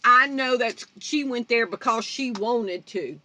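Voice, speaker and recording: A woman's voice: a little high, a little slow, sharp tone. A woman, hosting her own channel in a blunt, confrontational vlog rant. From North Baton Rouge, Louisiana. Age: 50s. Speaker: channel host. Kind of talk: fiery vlog rant to viewers.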